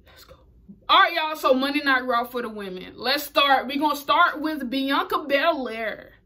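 A woman's voice: sits high, lively intonation, normal speed, pushed and bright. A woman recapping a wrestling show in a chatty, slangy way, laughing often. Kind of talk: casual video recap.

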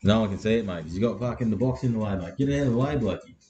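A man's voice: on the low side, expressive, very fast, warm tone, dull audio, faint music behind. A young Australian man hosting a card-opening stream, joking crudely and bantering. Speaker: card-breaking stream host. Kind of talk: casual banter while opening cards.

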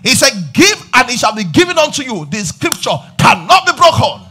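Nigerian pastor, male, high and bright, shouting sing-song preaching with call-and-response. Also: sing-song, moderate pace, husky. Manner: repeats refrains and calls on the congregation. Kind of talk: sermon. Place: church service.

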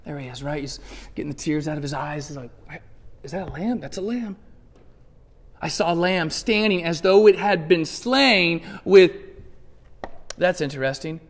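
In a church sanctuary, a pastor with a notably high voice preaches a lively sermon at normal speed, with long reverb trailing each phrase. Casual and animated, he swings from hushed asides to loud emphatic bursts and playfully acts out scripture scenes.

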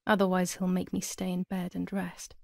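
A woman's voice: fairly low pitch, monotone, moderate pace, gravelly, no room sound, studio quality. An actress voicing a troubled young woman haunted by her dead twin, speaking an anxious inner monologue in a video game. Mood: uneasy.

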